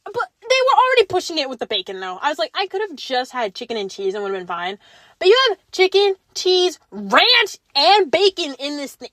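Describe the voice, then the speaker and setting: A young woman chatting on her own podcast, with a high and very lively voice that swoops around as she tells stories. She slips into playful voices for the people she quotes. The sound is close and dry, with no room echo. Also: fairly quick. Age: young adult. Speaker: podcast host. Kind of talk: casual solo chat.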